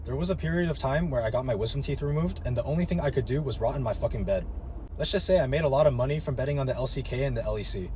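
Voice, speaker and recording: A man's voice: mid-range voice, animated, racing, darkish tone, slight background noise. A man ranting bluntly to camera, swearing freely. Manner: blunt, profane. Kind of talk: rant to camera.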